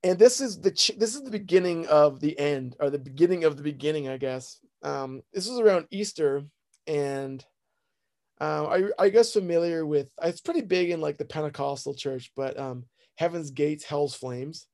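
A man's voice: on the high side, normal speed, darkish tone. Rambling man telling a story. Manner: rambling, self-deprecating, acts out quoted voices. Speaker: guest telling his life story. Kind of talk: casual storytelling.

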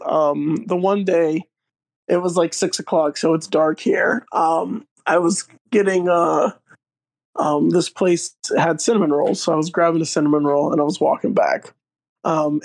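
Young man telling rambling stories. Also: on the high side. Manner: rambling, laughs through his stories. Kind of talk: casual storytelling chat.

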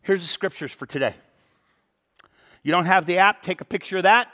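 A man preaching a sermon as pastor, animated, with rhetorical questions and repeated words as he starts his sentences. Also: high-pitched, fairly quick.

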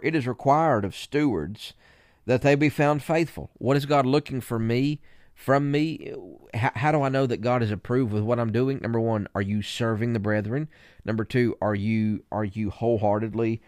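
A male preacher talking to other preachers, halting and repeating words with many fillers, and raising his emphasis when he reads scripture aloud. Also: fairly low pitch, a little mellow, dry recording, clean studio sound. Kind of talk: teaching talk to preachers.

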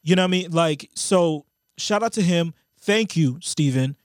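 A man's voice: fairly high pitch, normal speed, no room sound. A man co-hosting a sports podcast, talking bluntly and profanely in casual chat. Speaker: podcast co-host.

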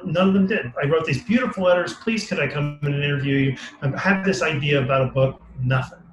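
A man's voice: mid-range voice, echoey room, slight background noise, rough recording. A man telling a personal story as an interview guest, acting out what others said to him and becoming tearful as he relives it. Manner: animated storyteller acting out quoted dialogue, voice rising when moved. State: tearful, emotional. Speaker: guest, author.

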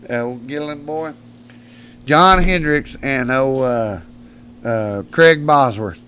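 A man's voice: medium pitch, slow pace, fairly bright tone, a little hiss or hum. A man, a guest telling long hunting stories in a rambling, salty, colloquial way. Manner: rambling, profane, colloquial storyteller. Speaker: guest, predator hunter. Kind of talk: casual storytelling chat.

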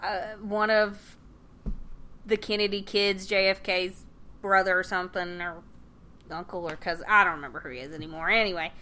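A young woman co-hosting a podcast, casually recapping a TV episode with frequent laughter and quick quoted voices. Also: mid-range voice, steady tone, pushed and bright. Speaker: podcast co-host.

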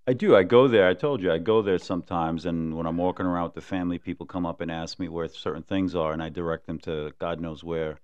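A man's voice: low-pitched, fast, few pauses, clean tone, no room sound, dull audio. A man co-hosting a podcast, telling stories in a casual, joking way and acting out the people in them. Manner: animated joking storyteller, acts out voices. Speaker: podcast co-host. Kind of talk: casual storytelling chat.

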